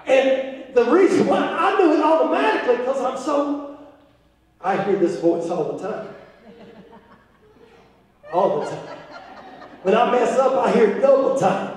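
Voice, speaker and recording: A man preaching a fervent sermon as pastor, rising at times to shouts. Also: extremely high pitch, expressive, a little slow, long pauses, a little hiss or hum. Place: church sanctuary. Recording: echoey church hall from far off.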